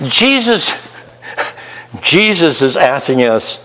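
Preaching slowly in an expressive mid-range voice with a long reverb tail, a pastor asks his listeners rhetorical questions and performs the inner voice of conscience.

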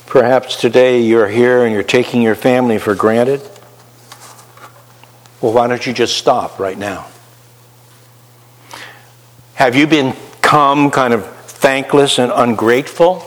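A pastor delivers a sermon in a medium-pitched voice with a long reverb tail. He speaks slowly, posing rhetorical questions to his listeners and acting out the voice of conscience.

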